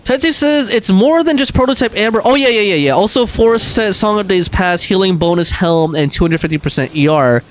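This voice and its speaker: A man's voice: high-pitched, brisk, hardly any pauses, slight background noise. A man streaming a game, chatting casually and reading viewer messages aloud, with frequent laughs and fillers. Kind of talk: casual gaming livestream chat.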